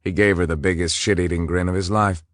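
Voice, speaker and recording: A male narrator reads a romance novel aloud in a measured, intimate way. His voice sits very low, and the close, dry recording has no room sound at all. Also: fairly even intonation, no room sound. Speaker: audiobook narrator.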